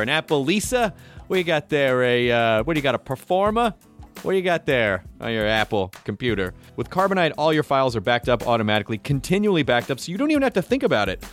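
A male podcast host who rambles and jokes, stumbling through quick restarts. His voice sits a little high for a man, with soft music underneath. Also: sing-song. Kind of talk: casual chat and live-read ad.

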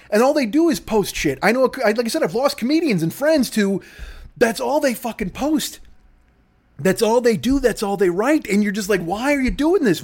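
Comedy podcast host, male, high-pitched, foul-mouthed ranting delivery. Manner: ranting, profane, riffing into mock voices. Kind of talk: profane comedic rant.

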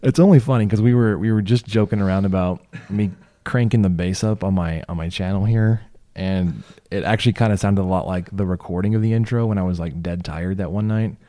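A man's voice: deep voice, brisk, few pauses, mellow. A man hosting a casual podcast chat, joking and rambling, his voice a bit worn from losing it. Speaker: podcast host.

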